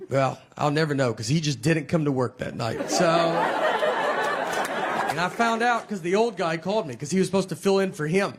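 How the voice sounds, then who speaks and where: A man in his forties doing stand-up comedy in a slow, deadpan storytelling way. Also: on the high side. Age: 40s. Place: live stage with audience laughing. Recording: live show with crowd laughter and noise.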